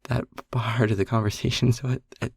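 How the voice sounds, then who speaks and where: A man voicing a shy, anxious male air elemental in an audio role-play, stammering and hushed as he rambles. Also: medium pitch, little pitch movement, vocal fry, husky, no room sound, clean studio sound. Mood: nervous rambling. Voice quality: stammering, halting, repeats words.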